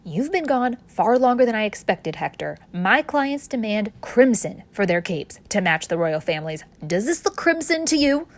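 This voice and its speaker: A woman's voice: medium pitch, sing-song, moderate pace, few pauses, fairly bright tone. A woman voicing an irritable male fabric merchant who barks and scolds in a storybook reading. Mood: angry. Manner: barking, scolding.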